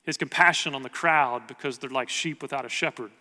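A man's voice: mid-range voice, fast, pushed and bright, in a large hall. A man preaching a sermon as pastor, earnest and conversational, asking the congregation rhetorical questions.

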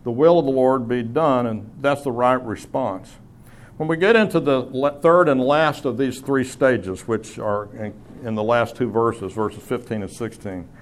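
A man preaching a sermon, teaching in a conversational way with asides and small self-corrections. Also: medium pitch. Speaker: pastor.

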